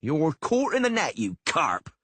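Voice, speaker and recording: A man's voice: fairly high pitch, huge pitch swings, unhurried, a bit bright, husky, no echo, pitched above the performer's own voice, full character voice. A man doing a bawling, coarse village brawler. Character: rough, bloodthirsty male village brawler.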